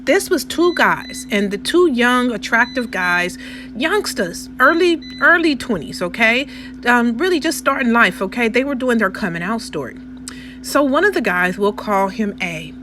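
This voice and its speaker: A woman's voice: on the high side, very animated, normal speed, sharp tone, slight background noise. A woman vlogger doing a casual storytelling voiceover, chatty and often checking in with her listeners. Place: indoors, recorded separately from the restaurant footage.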